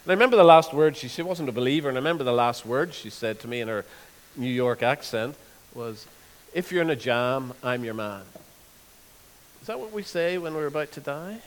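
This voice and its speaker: A man preaching a sermon, earnest, repeating words and slowing down to stress scripture. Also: on the high side, animated. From Northern Ireland. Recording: long hall reverb.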